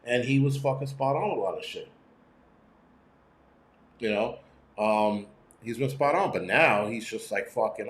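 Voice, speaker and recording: A man's voice: mid-range voice, animated, moderate pace, echoey room, slight background noise. A middle-aged man hosting a prepping channel, talking in a profane, blunt, rambling livestream rant from home. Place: room at home.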